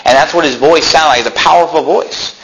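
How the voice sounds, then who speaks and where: A pastor preaching a sermon in a church, explaining scripture with rhetorical questions and folksy asides. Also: male voice, a little high, brisk, fairly bright tone, a little hiss or hum, poor audio.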